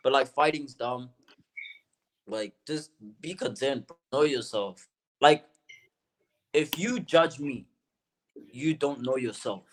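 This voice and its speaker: A man's voice: mid-range voice, slow, pauses often. Earnest young man talking slangy. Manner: earnest, slangy, says bro a lot. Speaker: rapper guest. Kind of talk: casual interview chat.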